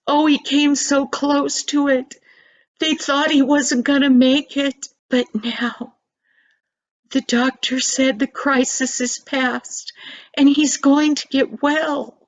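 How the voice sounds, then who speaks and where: An older woman voicing a wise, gentle minister speaking kindly to his son in a calm, fatherly manner. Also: sits high, takes it slowly, dry recording, lo-fi sound, voice pushed up.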